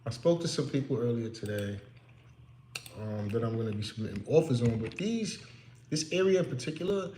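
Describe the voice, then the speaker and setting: A man's voice: on the low side, big pitch swings, fairly quick, warm tone, reverberant, slight background noise. A man working as a real estate investor, talking candidly and preaching a little to the listener, in a casual motivational talk from his office.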